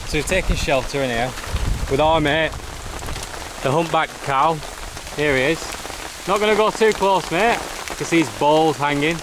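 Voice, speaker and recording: Brief: Northern English man, travel vlogger, blunt and excitable, loud rain noise outdoors. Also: on the high side, unhurried, long pauses. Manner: blunt, excitable banter with mild swearing. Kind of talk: casual travel vlog. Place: outdoors on a rural road in the rain.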